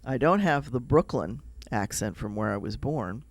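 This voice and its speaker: A man's voice: medium pitch, animated, normal speed, dry recording. A man with a Midwestern American accent, chatting casually on a radio show and rambling through personal stories. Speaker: rabbi, radio guest.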